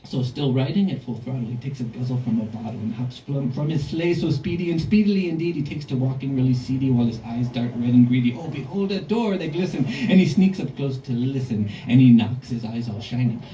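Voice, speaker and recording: A man's voice: medium pitch, lively intonation, a little fast, hardly any pauses, warm tone, a little hiss or hum. Man telling a rhyming story live. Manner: rhythmic singsong rhyming delivery. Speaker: storyteller performing for an audience. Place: record store, indoors. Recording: roomy, distant, dull live recording.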